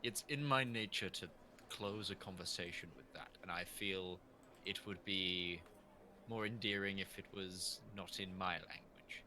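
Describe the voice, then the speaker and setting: A man's voice: low voice, unhurried, sharp tone, a little hiss or hum. A man playing a tabletop game, chatting casually and joking. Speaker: player.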